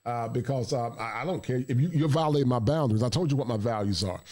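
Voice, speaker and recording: Man, talk show host, therapist, emphatic, preachy, frank, mid-pitched voice. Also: quick pace, a little mellow. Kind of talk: casual discussion.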